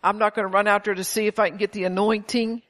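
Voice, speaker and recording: A woman's voice: mid-range voice, little pitch movement, quick pace, fairly bright tone. An older woman preaching an informal sermon to a small congregation, telling stories with emphasis and frequent chuckles. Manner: emphatic, storytelling, chuckles often.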